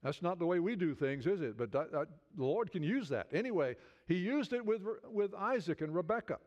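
A man's high, expressive, slightly mellow voice moves a little fast through a conversational sermon in dull lo-fi audio. He often stumbles and restarts, building up to fervent appeals.

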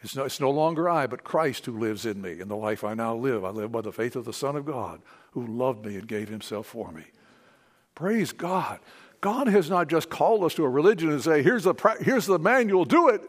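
Lively, fervent male preacher. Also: medium pitch, brisk. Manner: fervent, swings from hushed to emphatic. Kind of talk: sermon. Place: church meeting.

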